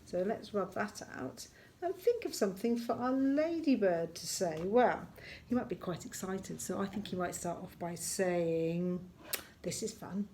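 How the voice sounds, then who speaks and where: A primary school teacher records a lesson for young children at home. She is a woman with a gentle, encouraging manner and speaks at a middle pitch. She slows right down when she dictates words while writing them. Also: lively intonation, a little hiss or hum.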